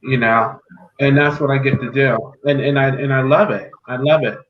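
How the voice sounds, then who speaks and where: A man's voice: medium pitch, steady tone, normal speed. Earnest man giving faith testimony. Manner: earnest, faith-filled, repeats key phrases. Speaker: podcast guest. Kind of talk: personal testimony. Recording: echoey, dull, slightly noisy remote audio.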